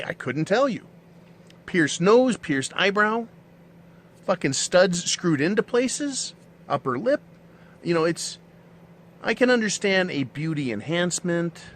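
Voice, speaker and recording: A man's voice: fairly high pitch, fairly bright tone, slight background noise. A middle-aged man talking in a casual monologue, blunt and profane, ranting with mocking asides. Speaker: channel host.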